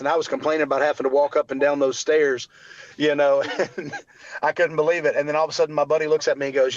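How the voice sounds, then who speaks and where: An earnest man in his forties tells his life story as an interview guest, leaning on his faith and acting out what others said to him. His voice sits at an ordinary middle pitch, and the sound is dry and somewhat muffled, like a lo-fi recording. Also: fairly even intonation, fast, no echo. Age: 40s. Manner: earnest, faith-filled, acts out quotes of others. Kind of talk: candid personal storytelling.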